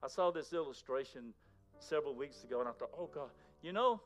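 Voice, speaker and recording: A man preaching a sermon in a conversational way, moving between loud emphasis and near-whispers. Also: medium pitch, animated, fairly quick, faint music behind. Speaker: pastor.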